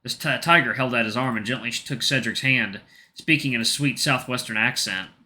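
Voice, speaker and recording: A man's voice: mid-range voice, a little fast, pushed and bright. A man reading a story aloud for a video, casual and self-correcting, with asides. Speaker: narrator and uploader.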